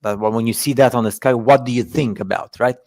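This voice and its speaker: Sarcastic man, halting, feigning ignorance. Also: mid-range voice, a little mellow, no room sound, studio quality. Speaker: video host. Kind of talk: casual ironic commentary on screenshots.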